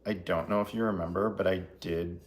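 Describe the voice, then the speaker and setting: A man's voice: low voice, steady tone, brisk. A man hosting a live baking stream from his home kitchen, chatting casually, joking and laughing often. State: laughing through a cut finger.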